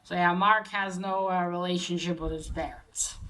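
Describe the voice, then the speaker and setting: A woman casually recapping a comic book plot, halting with many fillers and restarts. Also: fairly low pitch, fairly even intonation, fairly bright tone, poor audio.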